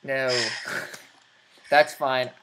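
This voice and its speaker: A man's voice: medium pitch, flat delivery, drawn-out words, background noise. A man hosting an online show, chatting casually with a guest over a voice call. He laughs a lot and drifts into rambling asides. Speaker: host. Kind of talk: casual interview chat. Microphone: computer mic over a voice call.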